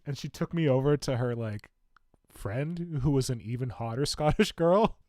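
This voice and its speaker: A man in his own easygoing voice hosts a casual podcast chat, rambling and poking fun at himself. His pitch sits in the middle, and the recording is dry and close, with no room sound. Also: expressive, moderate pace, a little mellow, no room sound. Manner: chatty, self-mocking storyteller. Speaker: podcast host.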